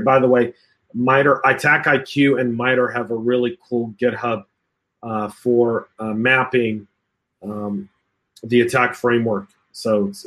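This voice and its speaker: A man's voice: mid-range voice, fairly bright tone. A man hosting a live video-call stream, reading viewer comments aloud and acting out the quoted voices with a laugh. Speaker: podcast host.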